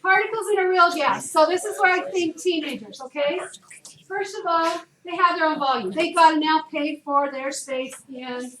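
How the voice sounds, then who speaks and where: A woman chemistry teacher lecturing a class, chatty and lively, often asking students questions. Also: high voice, moderate pace. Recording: echoey room, distant, noisy.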